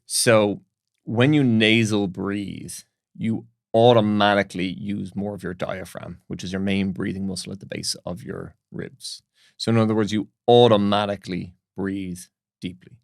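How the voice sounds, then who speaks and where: A man who is a breath coach, speaking as a podcast guest in a calm, instructive way with anecdotes. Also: fairly low pitch, a little slow, gravelly, dry recording, clean studio sound. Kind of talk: explanatory interview talk.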